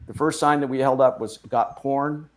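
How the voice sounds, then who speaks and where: A man, a podcast guest and former bar manager, telling stories calmly in casual conversation. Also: mid-range voice, moderate pace. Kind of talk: casual storytelling.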